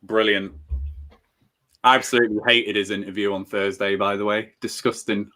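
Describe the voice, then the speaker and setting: Bright-sounding guy on a football watchalong stream, animated, reads out comments. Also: on the low side, moderate pace. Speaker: football fan watchalong host. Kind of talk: casual live watchalong chat.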